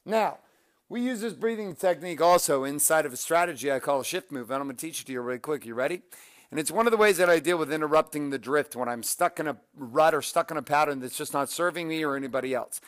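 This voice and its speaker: A man with a slightly high voice coaching his listeners in a motivational talk, full of energy as he counts out breathing drills. The recording is dry and close, with no room sound at all. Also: fast talker, a bit bright, no echo. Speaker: motivational podcast host.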